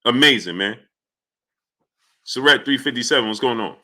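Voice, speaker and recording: Speaking at a normal speed in a medium-pitched voice, a male livestream host greets his viewers by name. His delivery is animated, and he rants hotly while shouting out names from chat.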